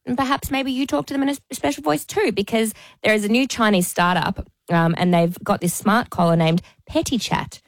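A woman co-hosting casual radio chat in an animated, chatty way. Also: medium pitch, a little fast, few pauses, no room sound. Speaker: radio co-host.

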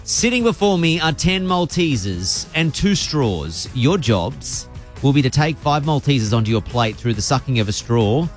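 A man's voice: mid-range voice, big pitch swings, faint music behind. A man hosting a radio show, teasing his producers and calling a studio game play by play. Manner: teasing, jokey, quick play-by-play. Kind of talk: playful radio banter and game commentary.

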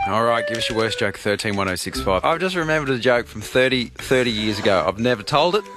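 A man's voice: mid-range voice, lively intonation, quick pace, a bit bright, faint music behind. A man hosting a radio show, telling a long joke in a rambling way, full of "uh" and "anyway.". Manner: rambling storyteller with many fillers. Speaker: radio host.

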